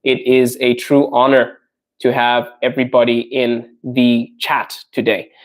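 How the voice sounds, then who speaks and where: A man's voice: mid-range voice, level tone, unhurried. A young adult man hosting a casual livestream podcast, reading viewer comments and chatting with viewers in a friendly, talkative way. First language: not Russian; learning Russian. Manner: friendly, chatty, laughs often, addresses viewers directly. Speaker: podcast host reading live chat comments.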